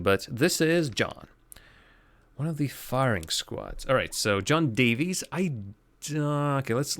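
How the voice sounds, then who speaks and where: A man's voice: mid-range voice, fairly bright tone. A man streaming a game live, thinking aloud in casual commentary with frequent restarts.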